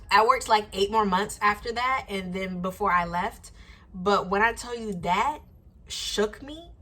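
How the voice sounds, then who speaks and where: A young woman in her twenties chatting to camera, telling a personal story with lively quoted voices. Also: medium pitch. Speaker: YouTuber. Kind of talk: casual storytime vlog. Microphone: camera mic, sitting to camera.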